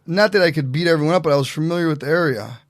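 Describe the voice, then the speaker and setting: A man telling stories as a podcast guest in a casual, animated way, acting out what other people said. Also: fairly high pitch, rapid-fire, dry recording, clean studio sound. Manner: animated, acts out quotes in voices. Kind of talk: casual storytelling.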